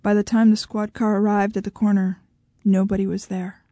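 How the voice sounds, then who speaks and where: A woman author reading her own short story aloud in a measured, even way. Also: mid-range voice, no echo. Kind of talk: fiction reading.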